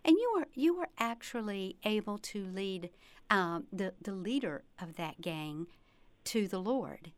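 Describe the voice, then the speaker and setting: A woman's voice: medium pitch, lively intonation, unhurried, no room sound. A woman hosting a talk show interview, asking friendly, prompting questions. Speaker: host interviewer.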